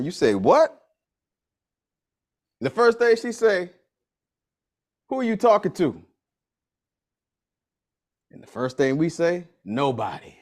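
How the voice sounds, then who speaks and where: A man leading a business coaching workshop in a casual, slangy way, repeating key lines for emphasis. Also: mid-range voice. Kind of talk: motivational workshop talk.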